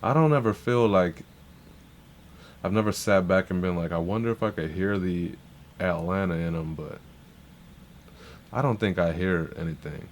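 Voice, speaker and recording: Deep-voiced laid-back stream host. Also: male voice, normal speed, long pauses, a little hiss or hum. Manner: laid-back, profane, rambling with restarts. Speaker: livestream host reacting to rap submissions. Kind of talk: casual livestream commentary.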